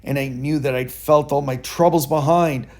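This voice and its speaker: A man reads a rhyming children's story aloud in a mid-pitched voice. His delivery is rhythmic and expressive, and it bounces along with the verse. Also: normal speed.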